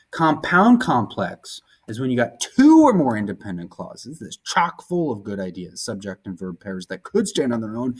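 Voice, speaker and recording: A male teacher giving a recorded lesson over slides, explaining grammar terms in a conversational way with casual asides and quick rhetorical check-ins. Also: mid-range voice.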